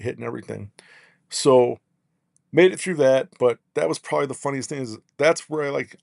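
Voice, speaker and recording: A man, a podcast guest, telling long rambling stories in casual chat and tagging his points with quick checks on the listener. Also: mid-range voice, gravelly, dry recording, studio quality. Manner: rambling, peppers lines with "right?". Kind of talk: casual storytelling.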